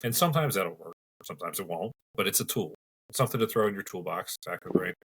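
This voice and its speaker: Low-voiced male paramedic podcast host. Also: expressive, fast talker, a bit bright, slightly rough, poor audio. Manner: storytelling, conversational, practical. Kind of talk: casual podcast discussion.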